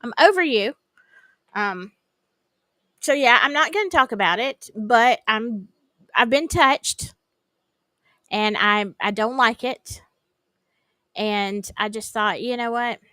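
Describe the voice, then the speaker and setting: A woman's voice: on the high side, slow pace, long pauses, sharp tone, no room sound. A woman with a Southern accent hosting a casual true-crime livestream, rambling and greeting her viewers by name.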